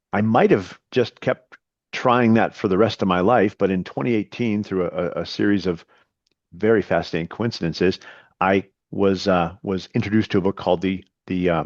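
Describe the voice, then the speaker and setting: Earnest low-voiced man telling his story. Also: fairly even intonation, normal speed, no echo, muffled recording. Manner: earnest, with frequent repetitions and restarts. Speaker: podcast guest, coach. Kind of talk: storytelling in an interview.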